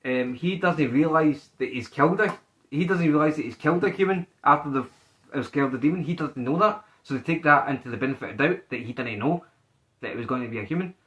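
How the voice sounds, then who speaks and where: A man co-hosting a podcast, chatting casually and excitedly, swearing a lot as he retells TV scenes. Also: on the high side, fast talker, muffled recording. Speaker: podcast co-host. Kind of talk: casual chat.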